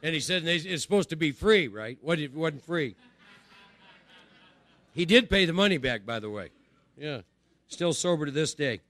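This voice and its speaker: A man's voice: fairly high pitch, expressive, moderate pace, long pauses, a bit bright, no room sound. Man giving a conversational recovery talk. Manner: conversational, repeats phrases and asks "right?". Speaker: recovery speaker. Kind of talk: spiritual talk to a group.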